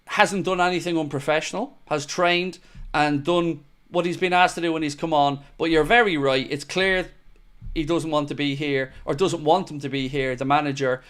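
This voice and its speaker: A man's voice: fairly high pitch, a bit bright, smooth. A young man hosting a live football fan show, reacting to the match and reading viewer comments in blunt, matey banter.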